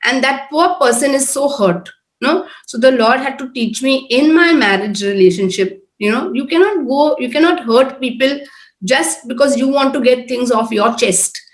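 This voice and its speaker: Middle-aged woman speaker, earnest conversational preaching, higher voice, echoey room. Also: normal speed. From Oman-based, Indian. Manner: earnest, conversational, repeats tag questions. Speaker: prayer group speaker. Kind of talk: informal sermon talk.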